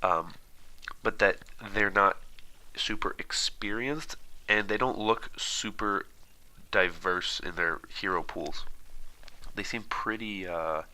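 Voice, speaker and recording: A man giving casual, rambling analysis of a team roster while watching footage, fast with many fillers and restarts. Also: deep voice, pushed and bright, rough recording. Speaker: esports commentator.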